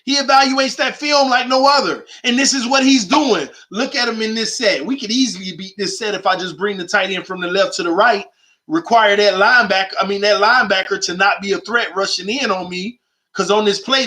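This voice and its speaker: A man's voice: high-pitched, brisk, bright, forceful tone. A man hosting his own sports channel, arguing his points emphatically and repeating them for effect in casual commentary.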